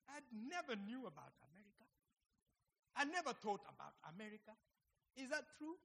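A man from Africa preaching an impassioned sermon, swinging between shouts and hushed pleading. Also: very high voice, sing-song, normal speed. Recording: long hall reverb.

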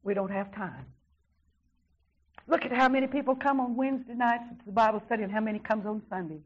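An older woman preaching a fervent sermon, swinging from shouted, drawn-out praise to low, quiet asides and repeating exclamations of praise. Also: highs cut off.

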